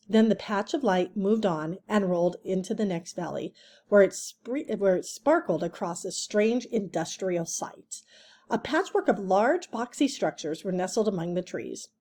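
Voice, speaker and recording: A woman reading a children's chapter book aloud at a middling pitch. She reads in a relaxed way, breaking off now and then for chatty asides and quick self-corrections. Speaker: reader.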